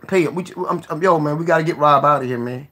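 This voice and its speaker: A man hosting a casual live stream, joking, cursing freely, laughing often and giving shout-outs to viewers. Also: on the high side, fast.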